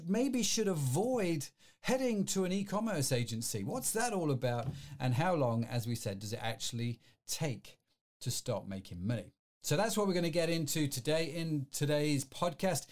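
A man's voice: mid-range voice, darkish tone. A man hosting a live-streamed podcast, chatty and rambling, full of fillers and restarts. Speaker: podcast host.

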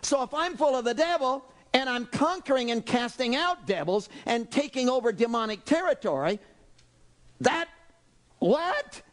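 A male pastor preaching a sermon, animated and exclaiming, acting out voices from the story. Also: extremely high pitch, normal speed.

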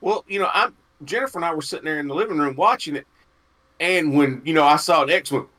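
A man tells stories in casual podcast chat. His voice sits slightly high, and he delivers his stories with folksy animation. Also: sing-song, fast, bright, forceful tone. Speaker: podcast co-host.

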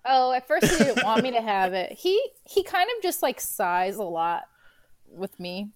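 A woman with a fairly high voice talks casually and sarcastically, swearing freely and laughing often. The recording is dry and close, with no room sound. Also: very animated, measured pace, no echo. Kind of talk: casual chat.

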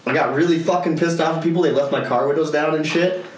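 A young man co-hosts a podcast, his voice a little high and steady in tone as he talks fast. He tells stories in a loose, profane, casual way and laughs often. The room is echoey, with a distant mic and faint noise.

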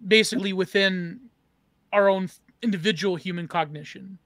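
A man's voice: high-pitched, normal speed, a bit bright, dry recording, studio quality. A man co-hosting a casual podcast discussion, rambling and searching for words as he asks questions. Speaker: co-host.

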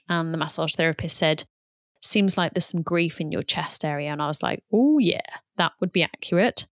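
A woman in her thirties speaks in a gentle, unhurried and candid way, like a yoga teacher sharing her own reflections. Her voice sits fairly low for a woman. The sound is close and dry, with almost no room in it. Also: no room sound. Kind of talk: reflective personal talk.

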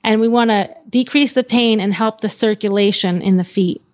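A woman's voice: mid-range voice, moderate pace, darkish tone, lo-fi sound. A woman co-hosting a casual radio chat, explaining herbal remedies for horses. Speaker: co-host, holistic veterinarian.

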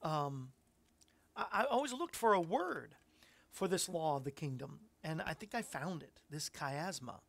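A man's voice: a little high, animated, measured pace, creaky. A man hosting a Christian radio commentary show, musing on scripture in a reflective, rambling way with frequent fillers. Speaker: host.

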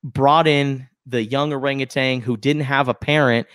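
A man's voice: mid-range voice, moderate pace, clean tone, no echo, clean studio sound. Self-mocking man in casual podcast chat. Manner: self-deprecating, animated storytelling. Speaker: podcast co-host.

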